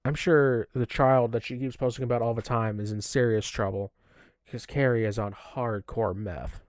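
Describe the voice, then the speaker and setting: A man's voice: medium pitch, fairly even intonation, normal speed, no room sound, studio quality. Sneering, profane male commentator. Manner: mocking, profane, sarcastic. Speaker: commentary streamer. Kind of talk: reaction commentary.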